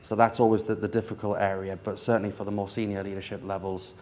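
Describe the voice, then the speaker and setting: A man's voice: lowish voice, level tone, fast talker, a little mellow, slight background noise. A man on a conference panel answering a question in a composed, matter-of-fact way.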